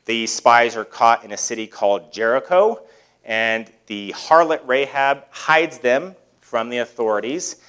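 A pastor preaching a sermon in a conversational way, often putting rhetorical questions to the congregation. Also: male voice, mid-range voice, fairly bright tone.

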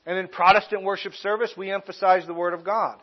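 A man preaches from the pulpit with a high, emphatic voice. He slows down to stress key phrases and raises his voice on the big points. The recording sounds a little dull and muffled. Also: steady tone. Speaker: pastor. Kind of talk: sermon.

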